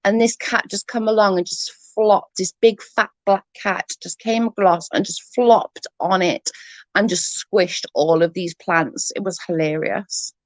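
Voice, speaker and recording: A woman's voice: mid-range voice, fairly even intonation, a little slow, no room sound. A woman chatting casually on a livestream, rambling and swearing freely while answering comments. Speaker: livestream host.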